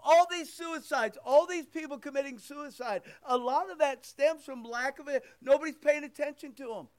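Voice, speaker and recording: An older man preaching a sermon as pastor, loud and emphatic, swinging between near-shouts and quiet asides. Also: very high voice, moderate pace. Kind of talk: sermon with prayer.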